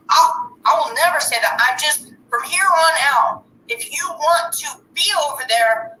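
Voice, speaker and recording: Emphatic woman streamer, very high pitch, faint background noise. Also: pushed and bright, echoey room, poor audio. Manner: earnest, emphatic, lecturing. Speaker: livestreamer addressing viewers. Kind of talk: casual live-stream talk.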